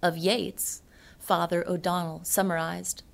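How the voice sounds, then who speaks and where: A woman gives a poetry reading, her voice sitting a little low. She takes the lines very slowly and often lets them sink into a soft whisper. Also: little pitch movement, gravelly. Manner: slow, hushed delivery dropping into whispers. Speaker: poet.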